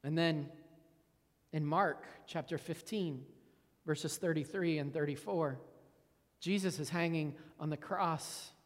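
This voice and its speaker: High-voiced man preaching in an echoing hall. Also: slow pace, long pauses. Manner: earnest, reflective, repeats words when stressing a point. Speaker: pastor. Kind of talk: sermon.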